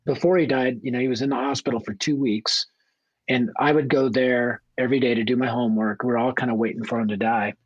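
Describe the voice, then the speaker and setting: A man from Denver recounts his testimony as a radio guest in a mid-pitched voice. His delivery is animated and plainspoken, coming right at the point. The sound is close and dry. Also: fast talker, no room sound, muffled recording. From Denver, United States. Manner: animated storyteller, blunt and plainspoken. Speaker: guest, author and evangelist. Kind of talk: storytelling testimony on a radio interview.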